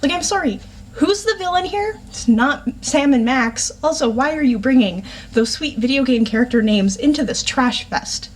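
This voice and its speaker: A fairly high-pitched woman ranting about a book she hates. She talks in a sarcastic, exasperated way and swears freely. Her delivery is casual and conversational. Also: expressive, normal speed. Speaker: book reviewer.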